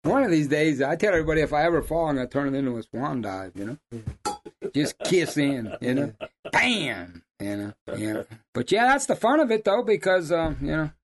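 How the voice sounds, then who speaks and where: A middle-aged man, a hunting guide, telling stories in casual chat with loud, high bursts when he quotes people. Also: brisk. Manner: animated yarn-spinner, loud high bursts when quoting.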